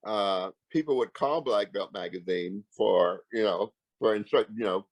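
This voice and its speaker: Older male guest storyteller, lowish voice, animated, acts out dialogue, restarts a lot, dry close sound. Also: measured pace, dry recording, poor audio. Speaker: interview guest, martial arts grand master. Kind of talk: casual storytelling.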